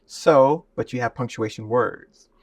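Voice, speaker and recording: A man's voice: medium pitch, a little slow, no echo, distant mic. A man teaching speaking and singing in a guest conversation, illustrating points with sung and spoken examples. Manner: demonstrative, shifts into singing to illustrate.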